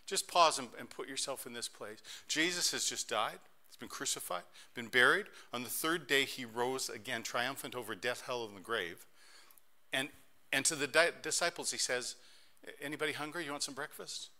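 A middle-aged man preaching a sermon as pastor, telling stories in an animated way that swings between soft and loud. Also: medium pitch, moderate pace.

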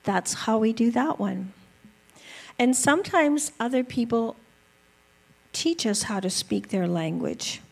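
Slow, gravelly-voiced woman teaching gently. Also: on the high side, lively intonation, rough recording. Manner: gentle, earnest, unhurried with fillers. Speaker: speaker teaching about apologies. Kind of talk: slow reflective talk with a read-aloud excerpt.

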